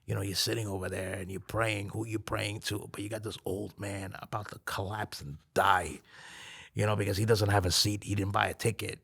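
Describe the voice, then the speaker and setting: Podcast guest: a man with a raspy, gravelly voice who tells animated stories and acts out the dialogue. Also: lowish voice, fairly quick. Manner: animated, acts out quoted dialogue, laughs often. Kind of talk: casual storytelling chat.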